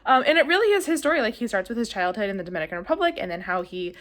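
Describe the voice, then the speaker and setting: A woman's voice: medium pitch, big pitch swings, rapid-fire, fairly bright tone. A woman reviewing books in a casual vlog, chatty and gushing, with lots of "like" fillers, getting emotional to the point of near tears. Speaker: book reviewer. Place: at home, leaning on a blanket.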